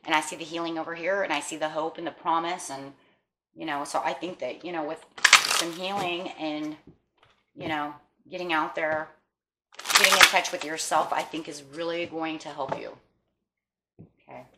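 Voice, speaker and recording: A woman's voice: low-pitched, steady tone, normal speed, heavy background noise. A woman giving a casual tarot reading to her viewers, chatty and encouraging, often checking in with "okay?" and "you know". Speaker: tarot reader.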